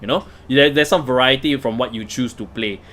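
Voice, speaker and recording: A man's voice: medium pitch, a little fast, fairly bright tone. A man hosting a casual card game livestream, chatty, with many fillers and restarts. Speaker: livestream host.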